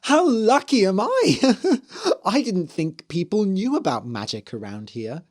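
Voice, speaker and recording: A storyteller voicing a young princess in a fairy tale, speaking high and emotionally. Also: huge pitch swings, measured pace. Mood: delighted. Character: young princess, eager and tearful.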